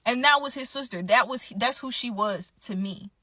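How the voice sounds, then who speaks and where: A woman with a bright, forceful voice pitched a little high tells her own story in a candid, casual way. She talks emphatically, swears freely and keeps turning to speak to her listeners. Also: moderate pace, dry recording. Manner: emphatic and profane, often addressing listeners directly. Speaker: podcast guest telling her story.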